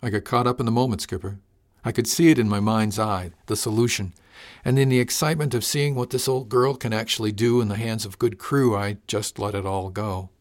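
A frank, practical female ship's chief engineer from an audiobook, as a male narrator puts her on. She sounds gently worried but plain-spoken, in a lowish voice. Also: fairly even intonation, fairly quick, lightly acted. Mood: earnest. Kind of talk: audiobook character voice.

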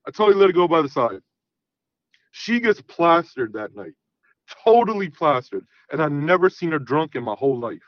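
Podcast guest, man, raunchy animated storyteller, slightly high voice, dull dry recording. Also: moderate pace, no room sound. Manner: profane, animated, acts out quoted dialogue. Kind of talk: casual storytelling.

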